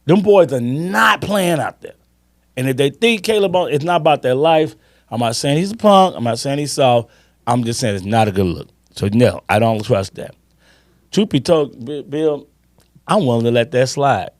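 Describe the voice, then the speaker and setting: A man in his fifties holds forth on a sports podcast. His talk swings widely up and down in pitch, emphatic and salty, with stories that wind on. The sound is dry and close. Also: expressive, no room sound. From Chicago. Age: 50s. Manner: emphatic, swearing, drawn-out storytelling. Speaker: podcast co-host. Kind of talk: casual sports chat.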